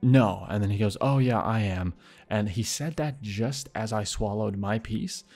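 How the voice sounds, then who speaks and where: A man casually telling a story, swearing freely and acting out the people in it with sudden loud bursts. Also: fairly low pitch, a little slow, soft background music. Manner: animated, acts out quotes, heavy swearing.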